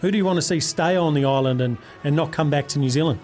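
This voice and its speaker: A man's voice: fairly high pitch, quick pace, a little mellow, faint music behind. A man hosting a radio sports quiz, chummy and upbeat, calling callers mate. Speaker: radio sports show host.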